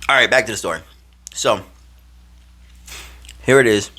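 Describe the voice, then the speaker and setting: A young man from Minnesota telling a personal story to camera in a casual, slangy, animated way, swinging between loud and hushed. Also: fairly low pitch, normal speed, slight background noise. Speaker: vlogger.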